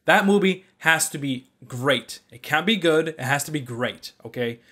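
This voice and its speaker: Exasperated young man ranting, slightly high voice. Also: expressive, moderate pace, pushed and bright. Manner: exasperated, blunt, swears casually. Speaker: movie reviewer. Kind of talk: casual opinion rant.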